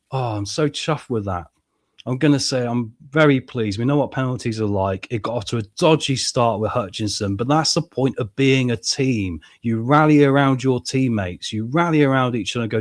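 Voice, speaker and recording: An excitable man, chatting casually to viewers as he plays a football management game, his voice a little strained from shouting. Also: medium pitch, moderate pace. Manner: excitable, chatty, addresses viewers as mates and guys. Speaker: gaming YouTuber playing a football management game. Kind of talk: casual gameplay commentary.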